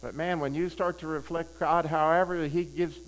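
An older male preacher with a fairly high-pitched voice delivers a sermon in a conversational tone. He hammers home his key phrases by repeating them and keeps asking the crowd questions. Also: fairly even intonation, normal speed, poor audio. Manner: conversational, asks the audience questions. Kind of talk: sermon with personal storytelling.

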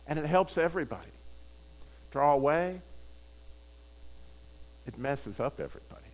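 An older male preacher with a fairly high-pitched voice delivers a sermon in a conversational tone. He hammers home his key phrases by repeating them and keeps asking the crowd questions. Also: rough recording. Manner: conversational, asks the audience questions. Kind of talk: sermon with personal storytelling.

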